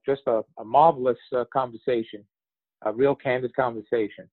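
An older man with a mid-range voice sums up an interview in measured, complimentary words, pausing often. He sounds dry and tinny, like a phone call. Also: medium pitch, steady tone, dry recording. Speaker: host's father commenting.

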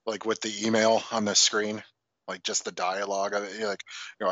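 A man's voice: on the low side, little pitch movement, brisk, pushed and bright, no echo, highs cut off. A man talking about a film in a casual chat, swearing freely and laughing often.

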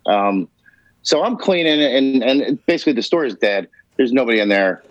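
A man's voice: mid-range voice, expressive, normal speed, no room sound. A man telling a rambling, emphatic personal story on a podcast, swearing freely. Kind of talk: casual storytelling. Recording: dull, lo-fi podcast audio.

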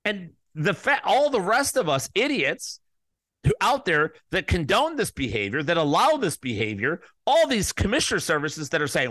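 A man hosting a podcast, ranting in a profane, heated monologue that jumps to loud peaks. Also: sits high, big pitch swings, moderate pace, no room sound, studio quality. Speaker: podcast host.

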